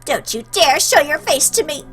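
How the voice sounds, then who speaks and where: A woman voicing a volatile, lovesick young woman in a visual novel read-aloud, in a high, slow, tearful voice. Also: animated, a bit bright. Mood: furious.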